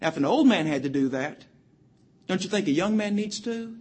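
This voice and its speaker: A man's voice: high voice, expressive, a little mellow, breathy edge. A man preaching a sermon to young people, emphatically citing chapter and verse and quoting scripture in old-fashioned wording. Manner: quotes scripture in King James wording, cites verses rapidly.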